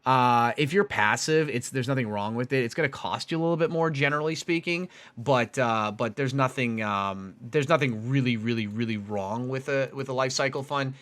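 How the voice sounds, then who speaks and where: Excitable, bright-voiced male stream host. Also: medium pitch, moderate pace, few pauses. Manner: excitable, rambling with many restarts. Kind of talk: live stream call-in chat.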